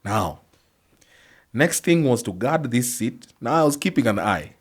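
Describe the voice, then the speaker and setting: A middle-aged man with a Kenyan accent, telling a long story as a podcast guest in an animated, conversational way and slipping in Swahili phrases. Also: medium pitch, unhurried, breathy edge. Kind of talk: storytelling in casual chat.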